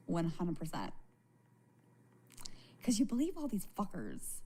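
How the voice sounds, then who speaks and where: A woman talking casually to viewers on a live stream, candid and halting, swearing freely and often restarting her sentences. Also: lowish voice, wildly swooping pitch, warm tone, slightly rough. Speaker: livestreamer.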